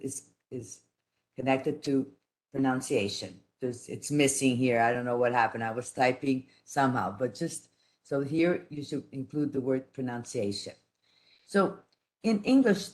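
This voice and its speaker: A woman giving a teaching lecture, speaking in a careful, halting way with frequent restarts and pauses. She grew up speaking three languages at once. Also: rumbling low, a little mellow. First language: none, raised trilingual. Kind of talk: online lecture.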